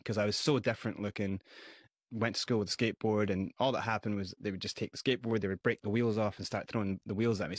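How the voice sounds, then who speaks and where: Lowish Scottish man telling his story. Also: no room sound. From Scotland and South Africa. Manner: animated, vivid recounting. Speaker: guest. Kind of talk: interview, personal story.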